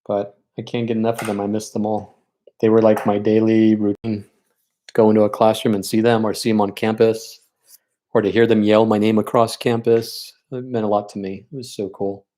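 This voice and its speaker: A man with a lowish, warm voice and fairly flat pitch talks quickly while leading a live-streamed paint night. As an art teacher, he chats and encourages as he paints, and he's openly sentimental about his students.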